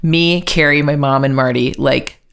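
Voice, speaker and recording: A woman co-hosting a podcast in casual chat. Her voice sits unusually low for a woman, and her delivery is chatty and affirming. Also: fairly even intonation, normal speed, vocal fry, clear, resonant tone. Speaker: podcast co-host.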